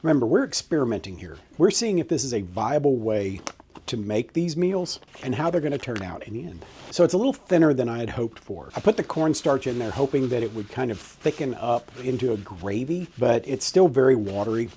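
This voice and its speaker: A man's voice: mid-range voice, expressive, fairly quick, mellow, slight background noise. A middle-aged man, casually taste-testing and chatting in a cooking vlog. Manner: folksy, enthusiastic taste-testing. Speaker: cooking vlogger. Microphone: handheld camera mic.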